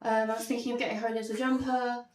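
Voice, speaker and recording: A young woman performs stand-up comedy on a small theatre stage, talking through her slides in a wry, self-deprecating way with frequent ums. Her voice sits slightly high. It is picked up from a distance, so the room's echo comes through clearly. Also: flat delivery, quick pace, very noisy. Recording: roomy sound from a distance.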